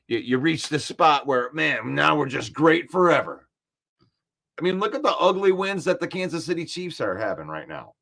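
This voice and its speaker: Fired-up male sports talk host. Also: a little high. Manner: reads viewer comments aloud and argues back, animated and defensive. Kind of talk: casual live-stream sports chat.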